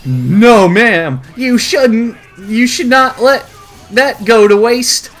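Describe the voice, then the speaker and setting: A man voicing a lecherous, overeager young cartoon neighbor in a squeaky, loud voice. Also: expressive, takes it slowly, full character voice. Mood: eager.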